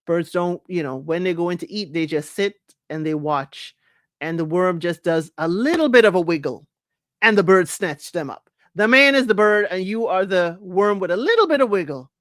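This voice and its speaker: A woman's voice: lowish voice, animated, moderate pace, dry recording, studio quality. A woman hosting a casual live show, reading viewer comments aloud and chatting with frequent laughter. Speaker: podcast host reading live chat. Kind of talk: casual live recap chat.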